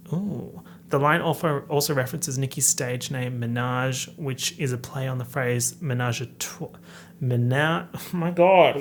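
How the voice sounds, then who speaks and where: Playful guy on a podcast reading rap lyrics out loud and riffing on them, medium voice, faint hum behind. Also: mid-range voice. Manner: playful, animated, reads lyrics aloud then jokes about them. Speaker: podcast host. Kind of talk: casual commentary breaking down rap lyrics.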